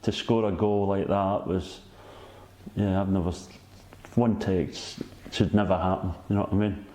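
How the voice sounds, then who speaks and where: A man's voice: low-pitched, steady tone, normal speed, warm tone, reverberant. A Scottish man in his sixties, a former footballer, telling rambling stories as a guest and often asking "you know what I mean?". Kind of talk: casual anecdote telling.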